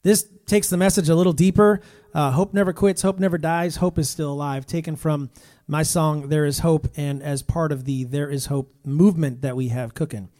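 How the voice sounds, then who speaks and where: A man with a notably high voice hosts a live stream from a room in his home, talking into a phone. He chats loosely, greets viewers by name, reads out their comments, and breaks off to talk to his pet. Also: steady tone, moderate pace, warm tone. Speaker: Christian musician hosting a live stream. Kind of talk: casual live-stream chat.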